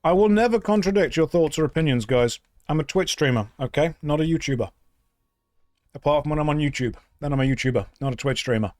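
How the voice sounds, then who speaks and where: Fast-talking and pitched on the high side, this male streamer has a darkish tone. He keeps up dry, sarcastic banter with his chat while casually playing a game.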